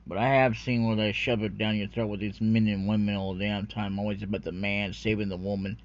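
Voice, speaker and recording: A man's voice: on the low side, little pitch movement, fairly quick. A man ranting in a rambling, unscripted way about anime, profane and full of fillers, on a dull lo-fi recording. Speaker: anime commentary vlogger.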